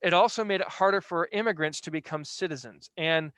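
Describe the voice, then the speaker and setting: A man's voice: fairly high pitch, fairly quick, fairly bright tone, no room sound. A man teaching a history lesson to his students in a conversational, explaining way. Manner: conversational, explains with everyday examples. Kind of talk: classroom history lecture.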